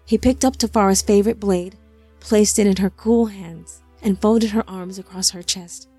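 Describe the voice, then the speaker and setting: A woman narrating an audiobook in a measured, somber storytelling manner on a close mic. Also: mid-range voice, steady tone, mellow, slightly rough, no room sound, soft background music.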